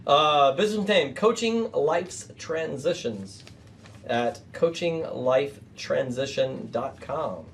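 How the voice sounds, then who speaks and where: Brief: man, show host, jokey, laughs a lot, lively pitch, a little distant from the mic. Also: takes it slowly, vocal fry. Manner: joking, laughs often. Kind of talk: casual panel chat. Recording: distant mic, faint background noise.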